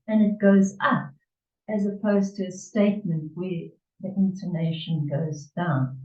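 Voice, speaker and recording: Unhurried woman tutor, distant echoey sound. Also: fairly low pitch, steady tone, muffled recording. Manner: unhurried, hesitant with many fillers. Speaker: English tutor. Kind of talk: conversation lesson, reading from an article.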